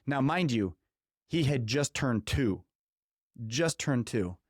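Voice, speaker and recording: A man hosting a podcast, telling a personal story in an animated way and acting out the dialogue. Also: mid-range voice, slow, dry recording, clean studio sound. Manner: animated, acts out quoted dialogue. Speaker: podcast host. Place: podcast studio.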